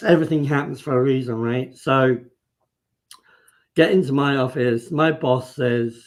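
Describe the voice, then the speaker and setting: In an unhurried mid-range voice, a man appearing as a live-stream guest retells what happened, vividly voicing what others said and often starting his sentences over.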